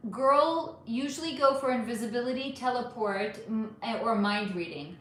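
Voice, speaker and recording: A woman with a fairly high voice hosts a relaxed livestream, reading and answering viewer comments in a chatty, animated way. The recording carries a noticeable room echo. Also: normal speed. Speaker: livestream host reading chat. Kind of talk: casual livestream chat. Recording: echoey room.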